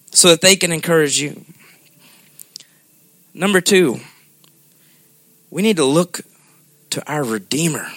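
Male preacher, bright slightly high voice, dry close sound, conversational sermon. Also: no echo. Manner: conversational preaching with frequent "okay?" check-ins.

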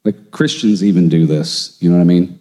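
This theology teacher's voice sits low and runs a little fast as he tells stories on a podcast, relaxed in tone but animated and emphatic. The recording carries a long room reverb.

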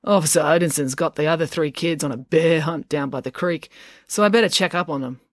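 A woman's voice: low-pitched, brisk, no echo, clean studio sound. A woman voicing a smug male police constable who gloats and chuckles. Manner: cheerful, gloating.

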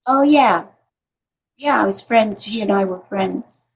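A woman's voice: medium pitch, a little slow, vocal fry, husky. A woman in her eighties, a veteran actress, chatting as an interview guest and telling stories with frequent restarts. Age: 80s. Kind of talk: casual interview chat.

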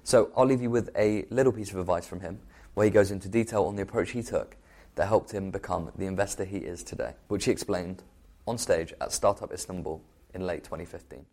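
Deep-voiced male podcast host narrating. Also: fairly quick, a little mellow. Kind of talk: scripted narration.

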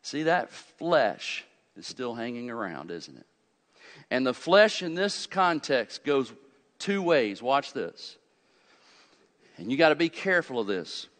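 A man's voice: sing-song, takes it slowly. Fiery preacher man, hall echo. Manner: fiery, swings from loud urgent peaks to low quiet asides; asks the congregation questions and answers them. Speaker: pastor. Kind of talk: sermon. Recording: long hall reverb.

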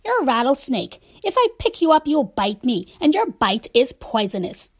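A woman's voice: high-pitched, sing-song, moderate pace, slightly rough, pitched above the performer's own voice, exaggerated voice. A woman voicing a little girl who is wary of a snake and then trusts it. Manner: cautious, then kind.

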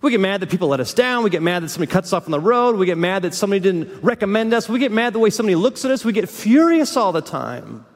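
High-voiced pastor preaching in a reverberant hall. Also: male voice, big pitch swings, fast talker, few pauses. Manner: dramatic swings between hushed lows and fiery peaks. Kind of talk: sermon.

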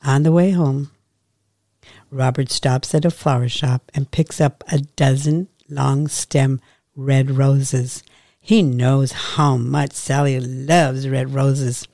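A woman podcast host reading her own short story aloud in a calm, measured way. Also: rumbling low, no room sound, clean studio sound.

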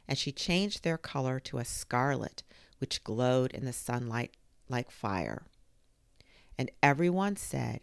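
A middle-aged woman reads a storybook aloud, unhurried and gentle. Her low voice has a gravelly edge, yet rises and falls with a lively pitch. The sound is close and dry. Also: no room sound. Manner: gentle, expressive reading with lively voiced quotes. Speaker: storytime reader.

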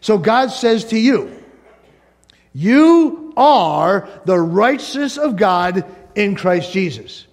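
A man preaching a sermon as pastor, animated, acting out the voices of doubting listeners. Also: high voice, slow pace.

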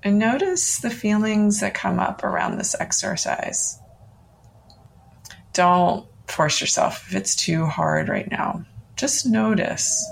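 A middle-aged woman hosting a podcast, gently and encouragingly guiding listeners through a self-love exercise. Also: medium pitch, vocal fry, a little hiss or hum. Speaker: podcast host.

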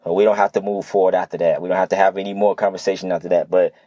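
A man's voice: low voice, flat delivery, racing, mellow, no echo. A young man speaking earnestly and casually to listeners about communication, repeating his points in plain conversational slang. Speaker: motivational speaker. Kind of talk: unscripted motivational monologue.

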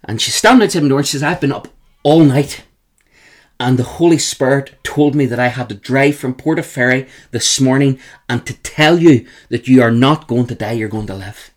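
A man with a Northern Irish accent, a guest telling emphatic, animated stories in an interview. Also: mid-range voice, normal speed. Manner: animated, emphatic, repeats the host's name. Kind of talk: storytelling in an interview.

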